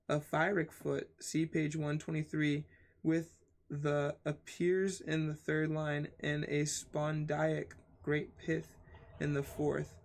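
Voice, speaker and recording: A man reads a book aloud at a slow, halting pace, his voice gravelly and pitched a little high. He spells out hard words letter by letter and stops to add casual comments of his own. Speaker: channel host reading a book aloud.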